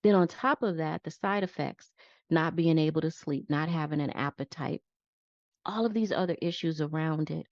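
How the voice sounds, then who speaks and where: A woman's voice: sits low, moderate pace, darkish tone, no room sound. A woman nurse practitioner being interviewed, explaining her practice in plain step-by-step terms. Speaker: psychiatric nurse practitioner guest. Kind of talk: conversational interview. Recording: dull lo-fi dry sound.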